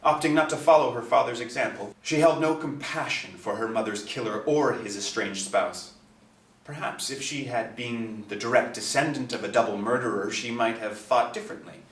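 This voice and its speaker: A man narrating a novel in a steady, expressive reading. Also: mid-range voice, normal speed. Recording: echoey, distant mic.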